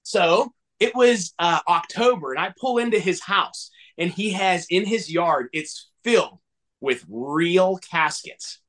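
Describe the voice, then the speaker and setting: A man from southwestern Pennsylvania, a podcast guest and toy collector, telling a story in a casual, animated way and acting out the dialogue. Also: slow. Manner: animated, acts out dialogue with big swings in pitch.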